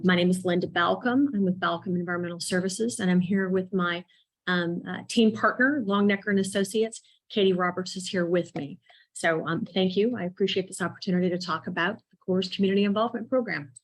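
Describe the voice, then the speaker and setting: Woman, consultant, public meeting talk, mid-pitched, many ums. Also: rough recording. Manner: explanatory, with frequent fillers. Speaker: community involvement consultant.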